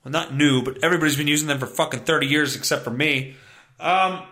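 A man's voice: on the high side, fast, sharp tone. A man hosting a solo podcast, ranting in a sarcastic, profane way. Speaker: podcast host. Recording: roomy echo.

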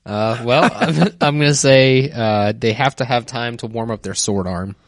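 A man's voice: mid-range voice, moderate pace, no echo, studio quality. A man co-hosting a casual chat, offering hesitant, jokey guesses. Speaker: podcast co-host.

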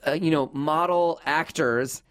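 Chatty Southern Californian podcast host. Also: male voice, on the high side, measured pace, fairly bright tone. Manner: chatty, self-deprecating, says "like" a lot. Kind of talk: casual podcast chat.

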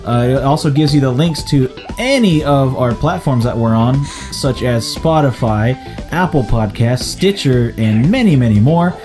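A man's voice: medium pitch, lively intonation, moderate pace, music in the background. A young man co-hosting a podcast, telling stories in a loose, rambling way full of fillers. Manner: rambling, filler-heavy storytelling. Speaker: podcast co-host. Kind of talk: casual chat.

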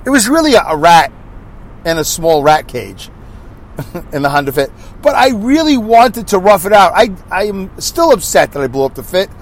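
A male podcast host, pitched a little high, with a lively, swinging delivery. He rambles in a chatty, self-mocking way and keeps drifting into asides. He is recording while driving, with vehicle noise in the background. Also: normal speed. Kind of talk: rambling solo podcast chat. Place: inside a moving vehicle.

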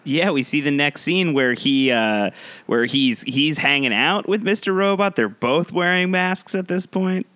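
A man co-hosting a casual chat in a relaxed, agreeable way. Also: on the high side, unhurried, dry recording. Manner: relaxed, agreeable, short replies. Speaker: podcast co-host.

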